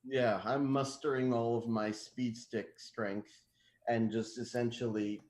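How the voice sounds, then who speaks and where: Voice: medium pitch, a little slow, roomy sound. A player in a tabletop game, describing his character's actions in a joking, casual way. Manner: joking, lively delivery.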